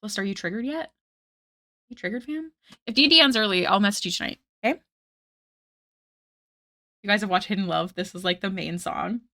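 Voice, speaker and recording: A woman's voice: medium pitch, a little fast, pauses often, pushed and bright, no echo, studio quality. A young woman chatting casually with her stream while she draws, rambling and self-deprecating as she reads chat aloud at night. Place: home room at night. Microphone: desk mic.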